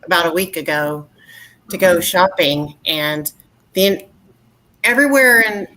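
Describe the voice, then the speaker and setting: A woman, co-hosting a podcast and telling stories in an indignant, animated way. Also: lowish voice, a little slow, slight background noise. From West Texas. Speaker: podcast co-host. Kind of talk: casual chat.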